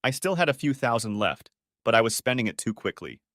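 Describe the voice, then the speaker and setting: A man reading a first-person story audiobook as narrator, with steady storytelling. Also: medium pitch, fairly quick, dry recording, studio quality.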